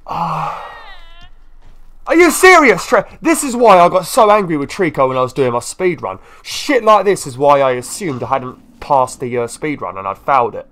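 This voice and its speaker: A man's voice: on the high side, big pitch swings, normal speed, hardly any pauses, fairly bright tone. A man doing let's-play commentary, swearing and scolding a game creature. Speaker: gaming YouTuber.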